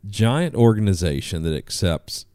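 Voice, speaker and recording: Very deep-voiced, animated male storyteller. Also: a little slow, clear, resonant tone, no room sound, clean studio sound. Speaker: podcast guest. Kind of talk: casual podcast conversation.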